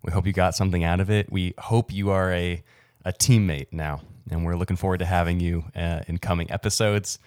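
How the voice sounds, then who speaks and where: A man co-hosting a podcast, giving a smooth, relaxed sign-off in a casual chat. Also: low voice, a little fast, few pauses, no room sound, clean studio sound. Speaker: podcast co-host.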